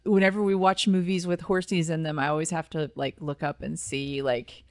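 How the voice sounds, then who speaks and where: A woman co-hosting a casual movie podcast, chatty and quick to laugh, sharing trivia. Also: low voice, level tone, no echo, clean studio sound. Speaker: podcast co-host.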